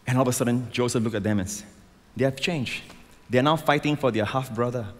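A man preaching a sermon as a pastor, emphatic and rising to loud exclamations, on a stage microphone in a large church. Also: medium pitch, fast talker, a little hiss or hum. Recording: long hall reverb.

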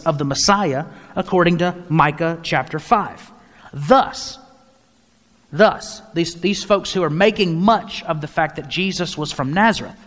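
A man, a pastor, leading a mid-week Bible study in a conversational teaching style, often restarting his phrases and inviting questions from the group. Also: on the high side. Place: church hall. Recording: long hall reverb.

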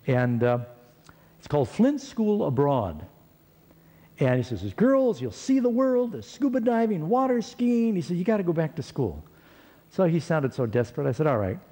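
A man's voice: mid-range voice, slightly rough. A man telling a personal story in a sermon, acting out the quotes of the people in it. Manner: animated storyteller, acts out quotes. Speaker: preacher. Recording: long hall reverb.

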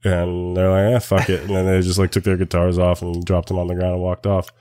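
A man's voice: low voice, monotone, brisk, mellow, dry recording. A man around forty, a podcast guest in casual chat, laid-back and swearing freely as he tells stories.

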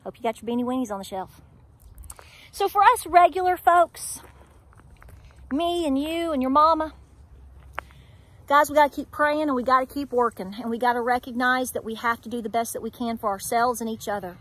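A woman's voice: sits high, moderate pace, pauses often, fairly bright tone. A middle-aged woman with an Appalachian accent, talking straight to her viewers in an emphatic, preachy way full of rhetorical questions. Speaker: homestead vlogger. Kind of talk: candid talk to camera.

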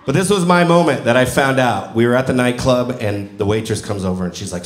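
A man in his forties performs a stand-up set, spinning self-deprecating stories and acting out both sides of each exchange in his ordinary mid-range voice. He is recorded live in a roomy venue with a clearly audible crowd behind him. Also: mid-range voice, brisk, a little hiss or hum. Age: 40s. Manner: storytelling, self-mocking, acts out dialogue. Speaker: stand-up comedian. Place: comedy club stage before a live audience.

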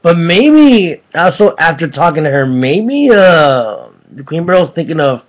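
A man giving a casual anime episode review, excitable and rambling, often restarting his sentences. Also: on the high side, unhurried, dull audio.

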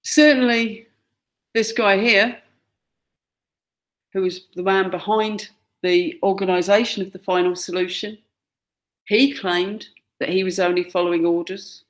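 A woman's voice: medium pitch, fairly even intonation, unhurried, long pauses. A woman gives a classroom lecture, pointing out pictures and acting out quoted lines. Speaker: teacher.

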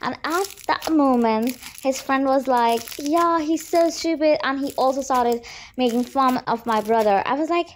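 A woman's voice: sits high, normal speed, a little hiss or hum. A young woman telling casual storytime anecdotes, chatty and giggly, acting out the quotes she retells.

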